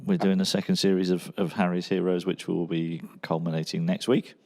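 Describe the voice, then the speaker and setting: A man with a very low, gravelly voice chats easily on a podcast sofa. He rambles a little and leans on fillers as he recalls his playing days. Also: little pitch movement, fairly quick, a little mellow. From England. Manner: laid-back, rambling with fillers. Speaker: podcast co-host, former footballer. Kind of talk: casual chat.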